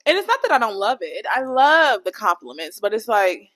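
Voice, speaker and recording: A woman's voice: medium pitch, very animated, brisk, hardly any pauses, a bit bright. Candid, profane young woman podcasting solo. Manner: candid, profane, playful rambling. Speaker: podcast host. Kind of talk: casual solo podcast chat.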